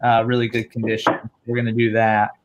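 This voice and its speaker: A man's voice: medium pitch, monotone, brisk, dull audio, a little hiss or hum. A man hosting a live stream, upbeat, laughing often and reading viewer chat aloud. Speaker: host.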